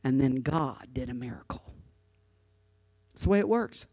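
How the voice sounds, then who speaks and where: A woman preacher telling a personal story in a sermon, impassioned, moving from hushed narration to shouting and often repeating words. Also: rumbling low, lively intonation, moderate pace, breathy edge, no room sound. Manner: repeats words when stirred.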